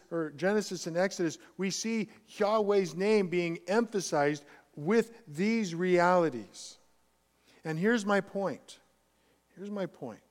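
A man preaching a sermon as pastor, emphatic, swinging between quiet and loud passages. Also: fairly high pitch, big-room sound.

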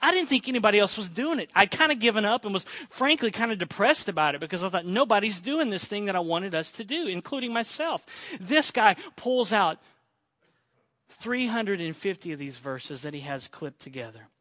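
Delivering a sermon to his congregation, this pastor earnestly tells a story and quotes what a friend said, his manner swinging from excited to hushed. His voice sits high and his pace is brisk. There's no room sound.

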